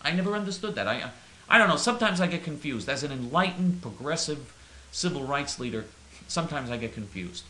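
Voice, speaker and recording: A man's voice: a little high, lively intonation, fairly quick, sharp tone, roomy sound, a little hiss or hum, poor audio. A man ranting in character in a comic monologue, rambling and stammering with mock-earnest indignation. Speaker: comedic caller in character.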